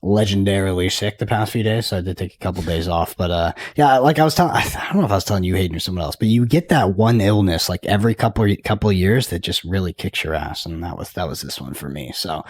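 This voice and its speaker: Low-voiced male co-host, easygoing, joking, loose delivery. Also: expressive, fast, hardly any pauses, darkish tone, no room sound. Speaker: podcast co-host. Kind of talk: casual podcast chat.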